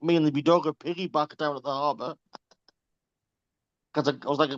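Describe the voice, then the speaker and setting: A man's voice: on the high side, brisk, long pauses, no room sound. A man casually telling anecdotes to his group, swearing freely and laughing as he goes. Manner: chatty, swears freely, laughs through stories. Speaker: reading group member on a group call. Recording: slightly dull, dry lo-fi call audio.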